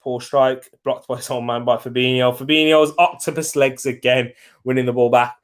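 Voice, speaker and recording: A man's voice: mid-range voice, flat delivery, moderate pace, clean tone. Chatty young man hosting a football watch-along. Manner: chatty, reads out viewer comments, reacts to play. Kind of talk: casual live football chat.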